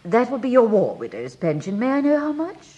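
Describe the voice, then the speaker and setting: A woman's voice: a little high, wildly swooping pitch, fairly quick, warm tone, highs cut off. An actress playing a refined, well-off lady from the country hiring a housekeeper, polite and hesitant, in a radio drama. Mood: genteel. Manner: polite, genteel, hesitant with ums.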